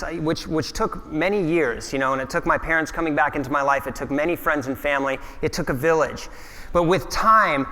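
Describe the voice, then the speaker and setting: A man's voice: on the high side, bright, forceful tone. Earnest man telling his story in a hall. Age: 30s. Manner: earnest, reflective, with frequent restarts. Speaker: keynote speaker. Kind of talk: storytelling keynote talk. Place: large conference hall. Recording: hall reverb from a large venue.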